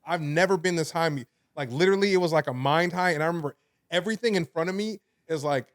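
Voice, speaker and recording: A young man on a podcast, telling a wild story in casual chat, animated, swearing and laughing as he goes. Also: fairly high pitch, fast talker. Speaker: podcast co-host.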